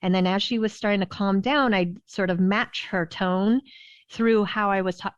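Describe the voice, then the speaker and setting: A woman's voice: mid-range voice, normal speed, no room sound. Chatty woman pediatrician, dull dry recording. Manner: lively storyteller, laughs often, many "you know" fillers. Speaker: behavioral pediatrician guest. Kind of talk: podcast interview storytelling.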